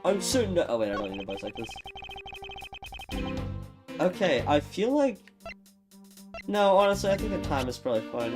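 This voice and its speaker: A man giving casual, rambling commentary while playing a game, thinking aloud and joking at his own expense. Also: mid-range voice. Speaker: let's play gamer. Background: game music.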